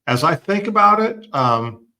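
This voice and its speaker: A man in his sixties, a podcast guest, reflecting in an unhurried way with fillers in casual conversation. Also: fairly high pitch, sing-song, bright, forceful tone. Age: 60s.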